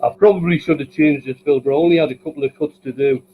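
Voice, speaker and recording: A man's voice: fairly high pitch, steady tone, fast talker, narrow, tinny audio, a little hiss or hum. A man hosting a live woodturning stream from his workshop, chatting casually and cracking wry jokes as he works. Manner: joking, wry, dry humour. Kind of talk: casual chat while working. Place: home workshop.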